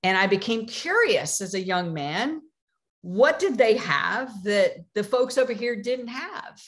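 A woman quoting her wise, patient old grandfather as he calmly teaches a lesson in a storytelling talk. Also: mid-range voice, measured pace, pitched above the performer's own voice, close to an everyday voice. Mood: patient, teaching. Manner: calm, questioning, teaching.

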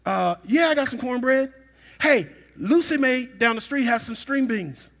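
A middle-aged man preaching a sermon in a church, telling a personal story and rising to shouts at its peaks. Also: very high-pitched, lively intonation, measured pace. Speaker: pastor. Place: church sanctuary.

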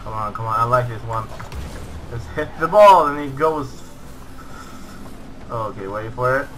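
Excitable young man commentating a game. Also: mid-range voice, unhurried, a little hiss or hum, rough recording. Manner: excitable, swearing, yells at the bots. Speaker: gaming channel host. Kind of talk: gameplay commentary.

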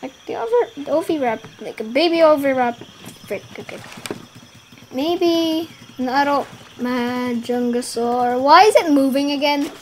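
A woman giving casual gameplay commentary, giggling and rambling, trailing off mid-sentence and bursting into excited shouts. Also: sits high, unhurried, a little hiss or hum. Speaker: gaming YouTuber.

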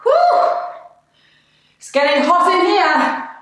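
A woman's voice: sits high, expressive, unhurried, fairly bright tone. A woman leading a live workout, cheerful and encouraging, out of breath between exercises. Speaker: fitness instructor. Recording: echoey room, voice from a distance.

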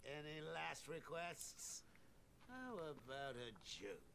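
Gravelly, slow-drawling sadistic game clown villain, mocking, sing-song. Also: male voice, on the high side, wildly swooping pitch, heavily acted. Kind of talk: video game cutscene acting. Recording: game audio under gameplay noise.

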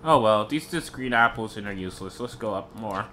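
A man's voice: fairly low pitch, lively intonation, a little fast, bright, forceful tone. A young man chatting casually while playing a video game, joking and easily startled. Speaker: gamer. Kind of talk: casual gameplay chat. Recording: faint background noise.

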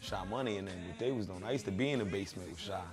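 A man's voice: fairly low pitch, racing, music in the background. A man being interviewed, telling stories in a blunt, profane, streetwise way. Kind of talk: casual interview talk.

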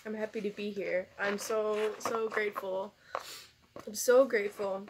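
A woman's voice: medium pitch, flat delivery, a little slow, noisy background. A woman tarot reader in a casual vlog, emotional and teary, sighing and laughing as she rambles gratefully. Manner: soft, rambling, many fillers. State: tearful.

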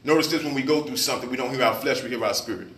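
Bright-voiced preacher in an echoey church. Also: male voice, mid-range voice, very fast. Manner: call-and-response preaching, asks the congregation questions. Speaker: pastor. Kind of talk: sermon. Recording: echoey room, mic at a distance.

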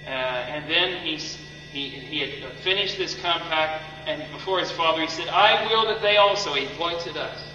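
A man's voice: fairly high pitch, steady tone, moderate pace, bright, forceful tone, faint music behind. A man preaching a sermon with fervent, dramatic emphasis, repeating phrases to drive points home. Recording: echoey hall, mic far off, dull sound with faint hum.

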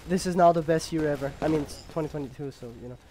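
A man's voice: on the high side, very fast, a little hiss or hum. Young man rambling over a shooter game. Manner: rambling, filler-heavy, jokey, bursts of excited yelling. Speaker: gamer. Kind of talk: casual gameplay commentary.

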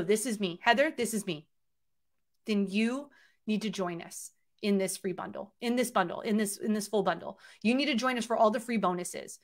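A woman's voice: a little high, a bit bright. Emphatic woman urging viewers to join. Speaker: livestream presenter. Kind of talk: motivational sales pitch.

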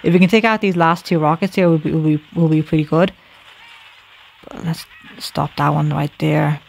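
A man's voice: fairly high pitch, fairly even intonation, moderate pace, gravelly. A man giving live gameplay commentary, thinking aloud, correcting himself and talking to his viewers.

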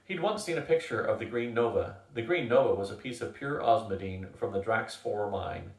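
A man's voice: on the low side, normal speed. Older man reading a novel aloud. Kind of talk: book reading. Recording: echoey room, from a distance.

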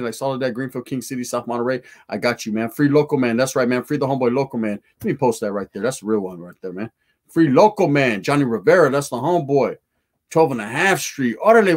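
A man hosting a casual livestream, reading viewer comments aloud in profane street slang mixed with Spanish words. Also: medium pitch. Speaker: livestream host.

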